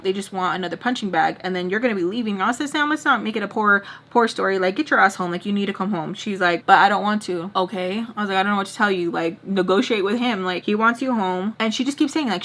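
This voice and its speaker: A woman vlogger telling a story casually, acting out both sides of the arguments. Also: medium pitch. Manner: fast animated retelling, acts out both sides of arguments. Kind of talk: casual storytime, quoting others.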